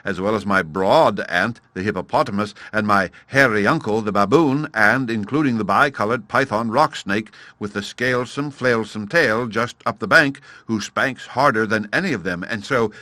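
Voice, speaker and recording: A man voicing a curious, very polite young elephant calf, talking high and earnest. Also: lively intonation, moderate pace, pushed and bright, no echo. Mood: politely curious.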